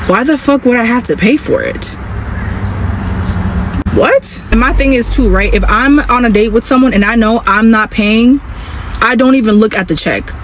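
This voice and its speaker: A woman's voice: a little high, a little fast, slight background noise. A woman telling a dating story in a blunt, indignant, profane way. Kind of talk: casual storytelling.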